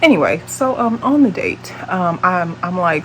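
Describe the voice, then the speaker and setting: Blunt, low-voiced woman telling a story. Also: very animated, normal speed, soft background music, low-quality recording. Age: late 20s. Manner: blunt, profane, exasperated. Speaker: vlogger. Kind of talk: storytime vlog.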